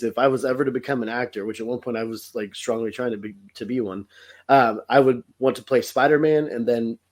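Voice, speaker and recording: A young man co-hosting a podcast in casual, jokey chat, laughing easily. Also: medium pitch. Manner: laid-back, jokey, laughs often. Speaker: podcast co-host.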